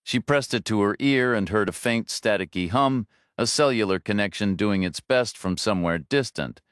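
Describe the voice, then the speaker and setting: A man narrating a thriller audiobook in a steady, even storytelling manner. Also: lowish voice, normal speed, clean tone, no echo. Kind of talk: scripted narration. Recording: dry close studio read.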